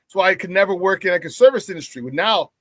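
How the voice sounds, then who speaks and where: Telling a story in a loose, lively rant, a male sports talk show host from the Chicago area keeps it casual on his live broadcast. His fairly high voice jumps into quick impressions whenever he quotes anyone. The audio sits dry and close, free of echo.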